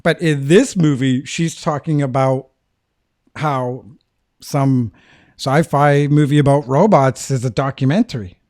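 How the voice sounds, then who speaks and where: A man's voice: medium pitch, unhurried, a little mellow, no echo, studio quality. A man co-hosting a casual film discussion, talking thoughtfully with many hedging fillers. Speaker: podcast co-host.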